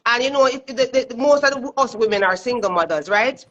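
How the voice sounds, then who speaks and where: A woman's voice: on the high side, lively intonation, brisk, a bit bright. A woman explaining her view in a casual, conversational chat. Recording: dull lo-fi sound.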